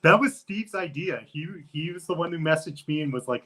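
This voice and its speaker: Easygoing male podcast guest, slightly high. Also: expressive, brisk, fairly bright tone. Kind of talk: casual interview chat.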